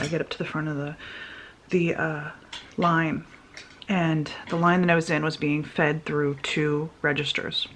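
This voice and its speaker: A woman vlogger telling a personal story in a casual, animated way, with quick restarts as she goes. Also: deep voice, a little hiss or hum. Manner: animated, tumbling retelling with restarts.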